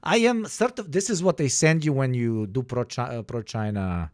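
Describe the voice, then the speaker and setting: A man's voice: medium pitch, moderate pace, darkish tone, no echo. A man streaming casual commentary over news clips, sarcastic and swearing, joking between remarks. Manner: sarcastic, swearing, jokey asides.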